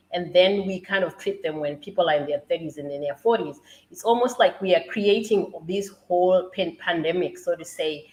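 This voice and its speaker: A woman's voice: fairly low pitch, fairly bright tone, low-quality recording. A woman from Australia, a naturopath, introducing herself on a video call in a thoughtful, hesitant way. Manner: thoughtful and hesitant, pauses with fillers. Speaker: guest, naturopath.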